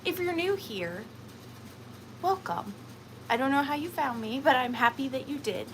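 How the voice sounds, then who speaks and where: A woman's voice: high voice, lively intonation, moderate pace, a little hiss or hum, low-quality recording. Chatty woman hosting a live sale. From Georgia, USA. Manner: chatty, rambling, laughs often, lots of fillers. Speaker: host of a live vintage and antique sale. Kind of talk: casual livestream chat.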